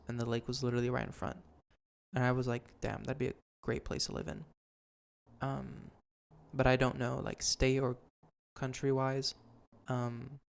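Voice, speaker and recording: A man's voice: mid-range voice, clean tone. Young man rambling in a casual chat. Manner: rambling, many fillers and "like". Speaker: podcast host.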